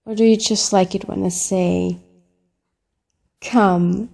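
A woman's voice: mid-range voice, steady tone, slow pace, gravelly, a little mellow. A woman performing a flirty phone-call role-play in a teasing, playful way, stretching her words out.

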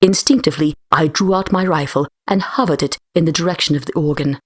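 Low, husky woman reading a story. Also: quick pace, no echo, studio quality. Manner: steady storytelling, raising her voice for shouted lines. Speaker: narrator. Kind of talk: first-person fiction reading.

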